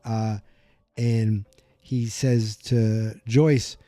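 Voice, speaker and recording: A man's voice: lowish voice, flat delivery, extremely slow, warm tone, no room sound. A man hosting a podcast, recapping an episode in a chatty, rambling way and correcting himself as he goes. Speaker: podcast host. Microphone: desk microphone.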